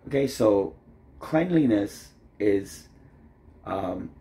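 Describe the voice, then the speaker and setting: Rambling, mellow-voiced man vlogging. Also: on the low side, expressive, extremely slow. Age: adult, married. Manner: rambling, loose, leans on "like" constantly; often trails off quieter mid-thought. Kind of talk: casual rambling vlog monologue.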